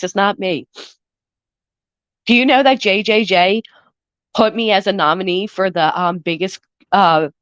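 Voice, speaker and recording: A woman's voice: mid-range voice, dry recording, lo-fi sound. A woman in her thirties hosting a casual live stream while getting over the flu, chatting with her viewers. She talks candidly and curses freely, swinging between sappy gratitude and indignation. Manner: candid, emotional and profane, shifts quickly between sappy and indignant. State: recovering from the flu. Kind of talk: casual live-stream chat, reading and answering chat.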